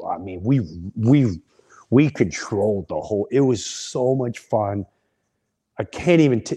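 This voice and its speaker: A man's voice: medium pitch, mellow. A middle-aged man, a comedian hosting a podcast, telling a story in a casual, rambling way with frequent restarts.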